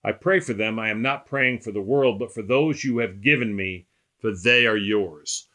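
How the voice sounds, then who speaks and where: A man preaching a sermon, emphatic and repetitive, slowing and rising on quoted scripture. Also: fairly low pitch, pushed and bright. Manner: repetitive, rhetorical lists.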